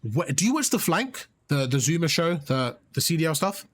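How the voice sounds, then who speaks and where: A man's voice: a little high, sing-song, normal speed, fairly bright tone. A man coaching a player through gameplay, encouraging and explaining things step by step, often repeating himself. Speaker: gaming coach. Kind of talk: live coaching over gameplay.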